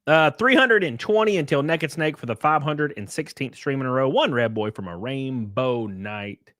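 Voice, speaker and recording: A man's voice: medium pitch, expressive, normal speed, a bit bright, dry recording, clean studio sound. A man hosting a casual live stream, joking and rambling as he thanks viewers. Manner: joking, rambling, often laughing.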